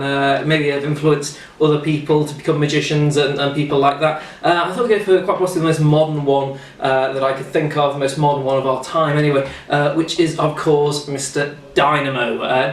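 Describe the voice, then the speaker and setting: A man's voice: a little high, recorded from a distance. An English man hosting a casual talk show, chatty and rambling with lots of fillers, a little out of breath. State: slightly out of breath. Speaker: host. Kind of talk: casual chat and card trick demo. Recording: roomy echo, off-mic, faint noise.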